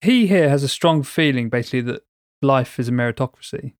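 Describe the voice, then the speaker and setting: A man's voice: medium pitch, expressive, brisk, dry recording. Man, podcast co-host, dry jokey delivery, dead dry recording. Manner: jokey, wry banter. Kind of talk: casual chat.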